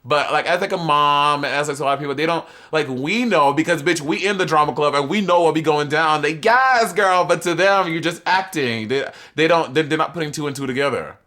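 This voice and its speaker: A man in his thirties co-hosting a podcast, talking in a sassy, expressive way and swearing freely. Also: fairly high pitch, a little fast, few pauses. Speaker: podcast co-host. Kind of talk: casual chat.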